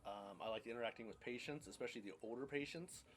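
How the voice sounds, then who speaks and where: A man's voice: medium pitch, fast. A man in his thirties casually telling his life story on a podcast, rambling and blunt, with casual swearing.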